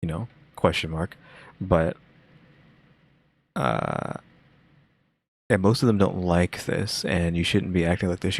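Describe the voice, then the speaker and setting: A man's voice: low-pitched, expressive, takes it slowly, gravelly, pauses often, husky. A young man hosting a reaction video, talking casually and musing aloud with lots of fillers. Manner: rambling, musing, many fillers.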